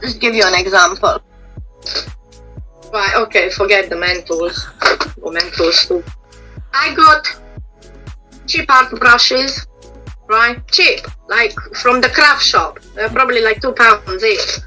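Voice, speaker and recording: A woman's voice: fairly high pitch, slow, long pauses, pushed and bright, faint music behind, low-quality recording. A middle-aged woman, a makeup and prosthetic artist, giving frank, explanatory advice in an interview over a video call, her voice a bit strained as she is losing it. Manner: explanatory, frank, restarts phrases. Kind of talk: casual interview answers.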